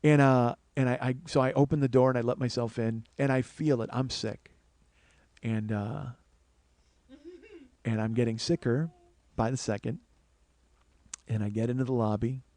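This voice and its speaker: A man's voice: medium pitch, steady tone, normal speed, pauses often, darkish tone, no echo. A man hosting a comedy podcast, telling a rambling, profane, self-mocking personal story.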